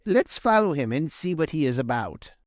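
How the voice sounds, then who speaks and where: Guy doing a sly skunk, slow drawly fake surprise. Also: fairly high pitch, sing-song, dry recording, clean studio sound, pitched above the performer's own voice. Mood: eager. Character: sly joking male skunk, dry humour.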